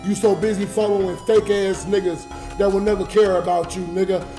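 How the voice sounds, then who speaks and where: A man's voice: high-pitched, little pitch movement, fairly quick, warm tone, faint music behind. A drunk man livestreaming to his chat, crying and ranting in an emotional, slurred way. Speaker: livestreamer and YouTube comedian.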